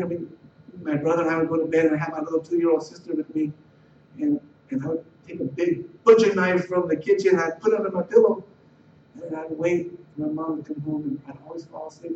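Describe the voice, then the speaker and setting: A middle-aged man from the Los Angeles area telling a personal life story in a halting way, repeating words and restarting sentences. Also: fairly high pitch, a little mellow. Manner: halting, repeats words and restarts, voice rising when retelling tense moments. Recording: roomy, distant, dull and slightly noisy.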